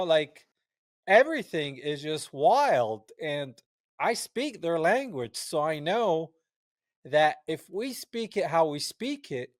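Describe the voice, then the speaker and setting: A Palestinian man hosts a podcast interview, speaking with emphasis and passion and tossing in rhetorical asides during the casual chat. His voice is fairly high, recorded in studio quality with no room sound.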